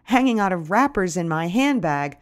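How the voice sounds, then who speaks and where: A woman's voice: fairly low pitch, very animated, normal speed. A woman host telling a comic first-person story with wry, dramatic narration.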